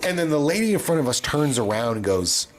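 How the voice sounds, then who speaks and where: Man, co-host of a livestream, lively rising and falling pitch, acts out the people in his stories. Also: a little fast. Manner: animated storyteller, acting out voices in his stories. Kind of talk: casual chat.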